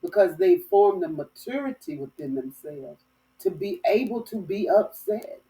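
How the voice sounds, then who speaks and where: Chatty Southern-storytelling woman, mellow voice. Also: mid-range voice, unhurried, far from the mic, poor audio. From Florida. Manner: chatty, animated storytelling with folksy phrasing. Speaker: dating talk host. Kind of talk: casual storytelling monologue.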